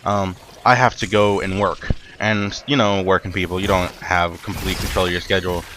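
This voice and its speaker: A man's voice: low voice, little pitch movement, normal speed. A young man tells a rambling, profane story from work while commentating a video game, full of fillers and restarts. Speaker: gaming commentator. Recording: faint ambient noise.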